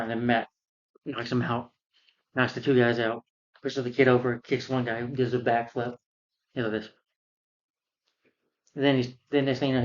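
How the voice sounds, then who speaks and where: A man's voice: mid-range voice, dull audio. A man retelling a film's plot in a casual, rambling way, full of fillers and restarts. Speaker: film reviewer.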